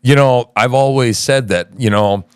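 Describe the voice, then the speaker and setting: A man's voice: mid-range voice, moderate pace, clear, resonant tone, no room sound, clean studio sound. A man hosting a podcast from his home in the woods, telling a rambling, profane story in casual chat. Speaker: podcast host.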